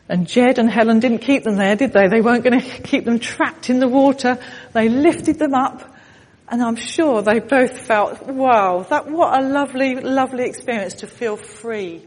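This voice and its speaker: High-voiced woman getting the congregation to act along, big church echo. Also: breathy edge. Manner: animated, directing the congregation. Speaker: children's talk leader. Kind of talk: storytelling with audience participation. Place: church hall.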